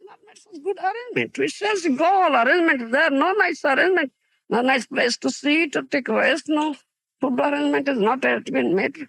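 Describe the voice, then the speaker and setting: A man's voice: very high-pitched, normal speed, vocal fry, no room sound, voice pushed up, full character voice, low-quality recording. A man playing an enraged holy man scolding. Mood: angry. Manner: shouting, indignant rebuke.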